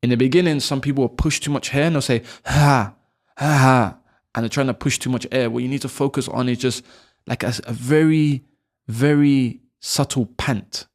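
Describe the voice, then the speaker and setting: Guy teaching the alphabet to camera, slow patient repeats, bit of fry in his voice. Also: mid-range voice, a little mellow. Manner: patient, repeats sounds slowly for learners. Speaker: language teacher. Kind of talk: video lesson. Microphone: camera, close framing.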